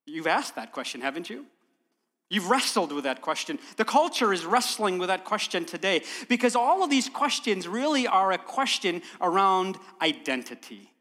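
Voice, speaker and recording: Guy preaching, pretty high bright voice, lots of who-am-i questions, big echoey sanctuary. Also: big pitch swings, normal speed. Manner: warm storyteller, rhetorical questions. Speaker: guest preacher. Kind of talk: sermon.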